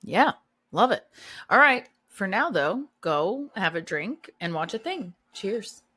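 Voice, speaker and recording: A woman's voice: mid-range voice, very animated, slow pace, pushed and bright. A woman co-hosting a casual movie podcast, easygoing and agreeable, laughing often. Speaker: podcast co-host. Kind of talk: casual chat.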